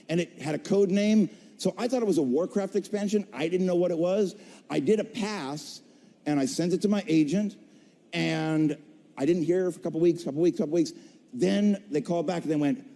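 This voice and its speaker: A middle-aged male voice actor stands on a convention stage in a large hall, recounting his career to a live audience with playful, self-mocking humor and impressions of the people he quotes. His voice is high, gravelly and warm, at normal speed, and the recording carries the long reverb of the big hall.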